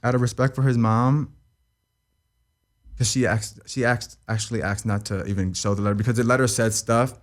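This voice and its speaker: A young man with a medium-pitched voice, fairly even intonation, and a moderate pace tells a painful personal story as an interview guest. In this emotional account he rambles, repeats himself, swears, and keeps asking "you know what I mean."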